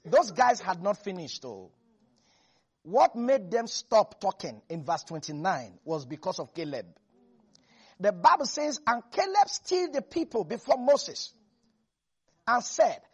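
A man preaching a lively sermon who acts out biblical figures and laughs often. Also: extremely high pitch, moderate pace, slightly rough.

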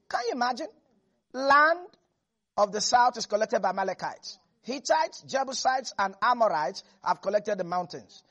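A woman preaching with a high, husky voice. She is animated and emphatic, and her delivery swings from loud bursts to soft asides. The tone is raspy rather than clean. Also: normal speed. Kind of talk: sermon.

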